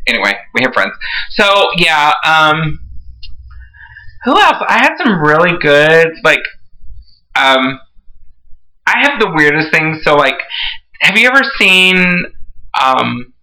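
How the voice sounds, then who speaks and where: A man's voice: a little high, animated, takes it slowly, sharp tone. A man chatting casually, telling rambling, gushing stories full of "like". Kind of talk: casual chat, storytelling. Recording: echoey room.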